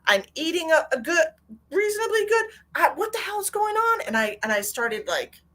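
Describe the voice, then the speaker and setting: A middle-aged psychic medium hosts a casual livestream in a very high, a bit bright voice that swings widely in pitch at a moderate pace. She talks candidly and emotionally, swears freely, and reads out viewer comments.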